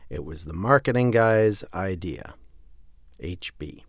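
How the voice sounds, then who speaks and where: A man's voice: low-pitched, lively intonation, slow, gravelly, no room sound, clean studio sound. A man hosting a podcast, reading aloud from a zine with wry asides. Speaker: podcast host.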